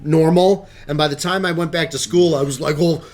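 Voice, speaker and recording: A man co-hosting a casual podcast chat, telling movie stories with big playful jumps in his voice. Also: brisk. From Illinois, USA. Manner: animated storyteller, jumps pitch when joking. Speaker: podcast co-host.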